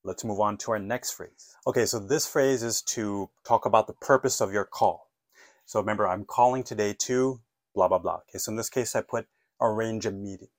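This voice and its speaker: A man teaching an English lesson, modeling phone phrases clearly and patiently asking listeners to repeat after him. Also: on the low side, normal speed, dry recording.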